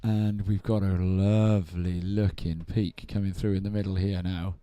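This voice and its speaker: A man doing live surf contest commentary, chatty and quick to react, often turning questions to his co-host. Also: low voice, little pitch movement, warm tone, no room sound.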